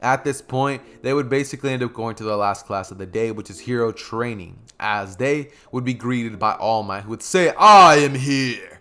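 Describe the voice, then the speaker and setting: A man's voice: on the low side, normal speed, hardly any pauses. A man narrating a fan what-if story in a casual, loose, slangy way, full of fillers and asides.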